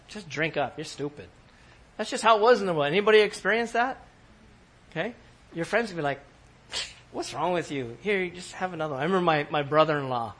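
Casual, lively man preaching a sermon. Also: on the high side. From California. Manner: conversational preaching with laughs and asides to the congregation. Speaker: pastor. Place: church in New York.

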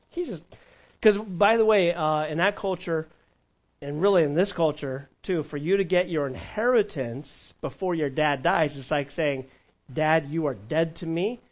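A male pastor delivers a conversational sermon in a church. His voice sits a little higher than most men's. He swings between emphatic, raised lines and soft, hushed asides. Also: a little slow, low-quality recording. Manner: animated, conversational preaching with sudden drops to a hush.

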